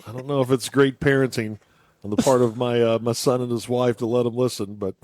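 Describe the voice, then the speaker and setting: A man's voice: medium pitch, fairly even intonation, fairly quick, a little mellow, dry recording. An older man hosting a podcast, chatting casually and telling stories with frequent laughs. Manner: laughs often, chatty storytelling. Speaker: podcast host. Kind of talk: casual chat.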